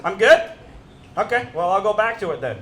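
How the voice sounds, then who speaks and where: A man in his fifties doing a stand-up set at a fundraiser, animated and self-mocking as he teases the audience. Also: high-pitched, moderate pace, over music. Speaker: stand-up comedian. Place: stage at a fundraiser event. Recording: echoey room with crowd noise. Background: audience laughter.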